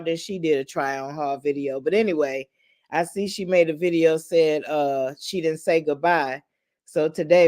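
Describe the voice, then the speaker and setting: A livestream host chatting casually with viewers, greeting them by name and teasing them in playful slang. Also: mid-range voice. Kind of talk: casual live chat with viewers.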